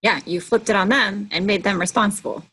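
Husky-voiced woman hosting a chatty podcast. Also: medium pitch, a little fast, pushed and bright. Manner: chatty, filler-heavy storytelling. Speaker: podcast host. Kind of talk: casual podcast conversation.

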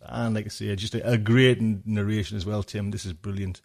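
A man's voice: lowish voice, little pitch movement, moderate pace, creaky, few pauses, a little mellow. A man hosting a podcast, introducing a narrator in a chatty, laughing manner. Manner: chatty, laughs and ad-libs while reading. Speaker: podcast host. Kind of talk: casual show introduction.

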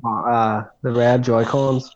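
A man co-hosting a podcast, rambling and quick to laugh in casual chat. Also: mid-range voice, level tone. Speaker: podcast co-host. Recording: dull lo-fi sound.

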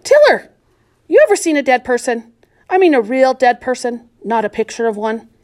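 A woman voicing a fretful, chatty young orphan girl who complains and gets excitable. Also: fairly high pitch, a little fast, natural voice. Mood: excited.

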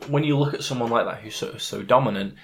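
A man's voice: medium pitch, fast. A man co-hosting a podcast, talking casually about fights and making emphatic points with examples. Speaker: podcast co-host. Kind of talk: casual MMA chat.

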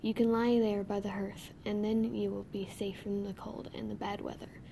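A woman voicing a kind mother reassuring a guest in a storybook reading, with a gravelly voice. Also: mid-range voice, little pitch movement, normal speed, warm tone, a little hiss or hum, close to an everyday voice. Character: kind mother of two girls, caring.

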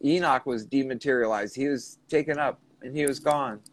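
A man's voice: mid-range voice, moderate pace, no room sound. Male podcast host, earnest storyteller, mid-range voice, dry recording. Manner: earnest, retelling and rephrasing questions. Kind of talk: recounting a channeling session.

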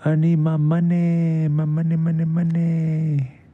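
A man voicing an excited, impatient little boy who talks eagerly and pleads in a bedtime story. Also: a little high, slow, creaky, breathy edge, narrow, tinny audio, heavily acted. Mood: anxious.

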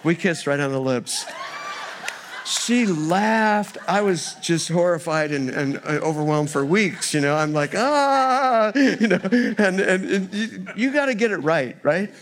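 Animated preacher telling stories. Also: male voice, a little high, a little slow, slight background noise. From United States. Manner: storytelling, humorous and animated. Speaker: guest preacher; missionary. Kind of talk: sermon. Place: church.

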